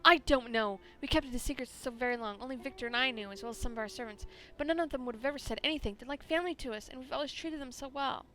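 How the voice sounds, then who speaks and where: A woman's voice: sits high, racing, hardly any pauses, a bit bright. Woman reading as a prim grieving widow. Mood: firm. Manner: formal, prim. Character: proper grieving widow, stern and unsuperstitious.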